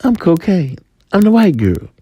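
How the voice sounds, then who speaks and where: Man putting on a high taunting woman's voice, cocaine personified, manipulative, coaxing, mellow tone, dry sound. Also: very animated, normal speed, husky, no room sound, heavily acted.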